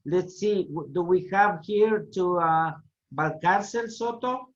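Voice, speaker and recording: A man teaches English and pauses after nearly every point to ask "okay?". His voice sits fairly high. The audio sounds dull and lo-fi, like an online class call. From Guatemala. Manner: explanatory, frequent "okay?" checks.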